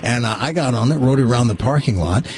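A male radio host in his studio, telling stories with a wry, teasing, deadpan manner and doing live reads. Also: medium pitch, fast talker, crowd noise.

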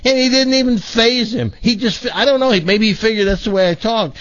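A man's voice: high-pitched, brisk, hardly any pauses, no room sound, dull audio. A man hosting a talk radio show, joking with co-hosts and doing a folksy live read for a sponsor. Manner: folksy, joking, animated storyteller. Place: radio studio.

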